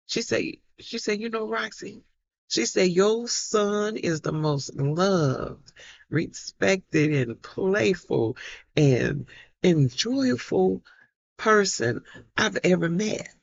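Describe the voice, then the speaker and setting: Gravelly woman telling her story slowly. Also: mid-range voice, expressive, dry recording, muffled recording. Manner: emphatic, repeats herself, acts out quoted voices. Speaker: vlogger. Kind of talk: personal storytelling to camera.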